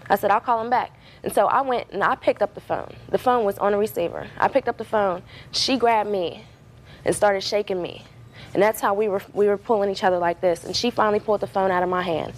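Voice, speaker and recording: A woman's voice: mid-range voice, a little fast, poor audio. A young woman testifying as a defendant in court, telling her story in a rambling way with many fillers.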